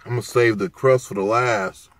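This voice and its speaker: A sleep-deprived man hosting a casual food review vlog from a parked car, talking into his phone, excitable and profane as he gushes over food. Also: medium pitch, normal speed, dry recording. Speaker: food-review vlogger, show host.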